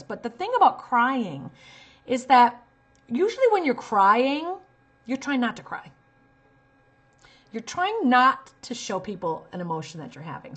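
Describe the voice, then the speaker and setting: A woman's voice: fairly high pitch, fairly bright tone. A woman talent manager giving direct, emphatic advice to actors and acting out short examples as she goes. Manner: direct, talks straight to viewer.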